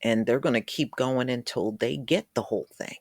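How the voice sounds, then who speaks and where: A man's voice: mid-range voice, normal speed, no echo, studio quality. A man talking straight to his viewers in casual news commentary, voicing opinions and speculating about what comes next.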